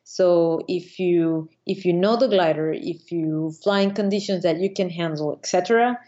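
A woman paraglider pilot from Venezuela, recounting her competitions in a casual interview, animated and laughing often, with many restarts. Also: on the low side, normal speed. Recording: slightly dull lo-fi audio.

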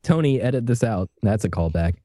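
A man chats on a podcast, throwing in wisecracks and jabs. His pitch moves a lot around a middle level, and the sound is dry. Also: animated, a little fast, dark tone, no echo. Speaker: podcast guest. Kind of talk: casual chat.

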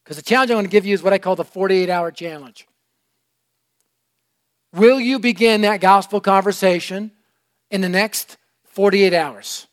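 Animated high-voiced male preacher. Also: normal speed, pauses often. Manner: energetic, animated, swinging from loud to hushed. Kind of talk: sermon storytelling. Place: church room.

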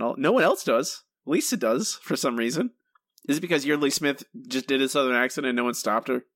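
A man's voice: mid-range voice, animated, brisk, fairly bright tone, dry recording, clean studio sound. A man co-hosting a podcast, talking in an exasperated, rambling way with frequent restarts. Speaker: podcast co-host. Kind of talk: casual review chat.

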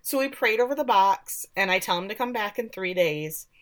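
A woman putting on a priest who speaks with unsettling calm and plain, matter-of-fact ease. He sounds like a neighborly guy telling a story, which makes his words feel off. His pitch sits at an ordinary middle height. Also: normal speed, natural voice. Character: calm male priest, eerie and chatty.

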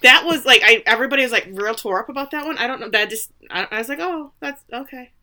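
A woman's voice: on the high side, rapid-fire, sharp tone. A woman co-hosting a podcast in casual chat, rambling and searching for words as she goes. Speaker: podcast co-host.

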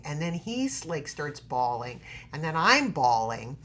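A middle-aged woman with a low voice tells a story to a podcast host. She acts out each quote with drama and swings in loudness. Soft background noise sits under her voice. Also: sing-song, measured pace. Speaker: guest, actress. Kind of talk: animated storytelling in a podcast interview.

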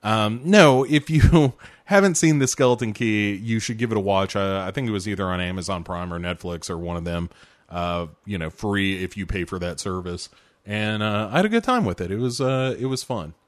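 A man hosting a casual film review, talking in a rambling, relaxed way with lots of "uh" and "um". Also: lowish voice, normal speed. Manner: rambling, relaxed, many fillers. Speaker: podcast host reviewing films. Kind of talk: casual chat.

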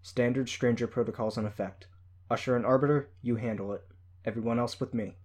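A man's voice: mid-range voice, steady tone, fairly quick, darkish tone, close to an everyday voice. A man voicing a firm, commanding female team leader. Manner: firm, tight.

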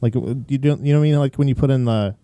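A man's voice: medium pitch, rapid-fire, mellow, dry recording. A young man co-hosting a casual chat while reacting to videos, rambling and crude with many restarts.

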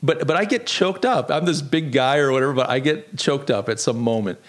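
A man's voice: fairly high pitch, sing-song, brisk, hardly any pauses. A man hosting a solo podcast, talking in an earnest, conversational way with frequent restarts. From United States. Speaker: podcast host.

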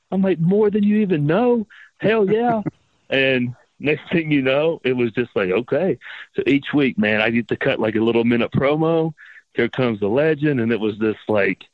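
A man's voice: mid-range voice, dry recording, muffled recording. A man, a professional wrestler guest, telling stories in a casual interview and acting out the lines he quotes with big jumps in his voice, swearing freely.

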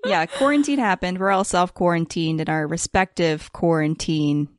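A woman's voice: lowish voice, moderate pace, no room sound, clean studio sound. A woman co-hosting a casual podcast chat, steadily explaining and steering the conversation. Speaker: podcast co-host.

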